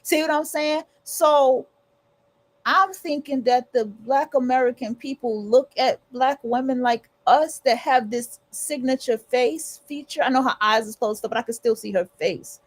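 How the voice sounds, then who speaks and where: High-voiced woman chatting on a livestream. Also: measured pace. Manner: rambling, conversational, with frequent restarts and profanity. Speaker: livestream host. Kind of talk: casual livestream monologue.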